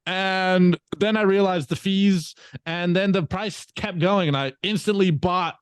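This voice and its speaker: Casual young guy from california rambling through a story, cussing a lot, smooth voice, dry close sound. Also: high voice, normal speed, no room sound. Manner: profane, rambling, animated storytelling. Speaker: guest.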